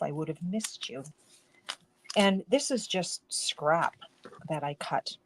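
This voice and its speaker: Against a noisy background, a low-voiced woman runs a relaxed card-making livestream from her craft room at home, rambling as she chats and frequently cutting herself off partway through sentences.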